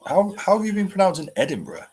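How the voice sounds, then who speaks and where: A man's voice: high voice, huge pitch swings, fast, darkish tone, breathy edge. A man hosting a live stream, chatting and answering viewer comments with dry jokes. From United Kingdom. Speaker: host.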